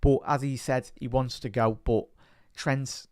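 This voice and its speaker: A young Liverpool man with a Scouse accent presents a casual reaction video for a fan channel, talking passionately and rambling a bit. His mid-range voice is a little slow and slightly mellow, with fairly even intonation. The recording is studio quality with no room sound.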